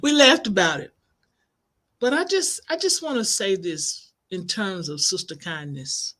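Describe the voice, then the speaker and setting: A middle-aged woman, a life coach and minister, telling inspirational stories in an animated, expressive way. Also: mid-range voice, a little slow. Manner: animated, expressive, acts out quoted voices. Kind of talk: inspirational storytelling broadcast.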